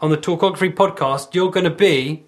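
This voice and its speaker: A man co-hosting a casual podcast chat who teases the others with quick jokes. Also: a little high. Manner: teasing, quick-witted. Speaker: podcast co-host.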